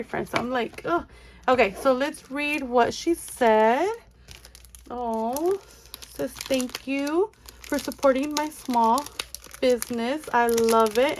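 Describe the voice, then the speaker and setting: A woman's voice: sits high, slight background noise. A young woman, chatting casually and gushing as she shows off giveaway items to her viewers. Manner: gushing, excitable, calls viewers friends. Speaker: budgeting channel host. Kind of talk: casual unboxing chat.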